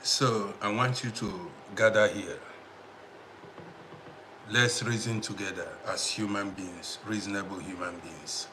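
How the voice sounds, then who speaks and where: A man's voice: fairly low pitch, fairly even intonation, unhurried, noisy background. A man hosting a casual live stream, greeting viewers by name and repeating himself as he talks to the audience. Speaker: livestream host.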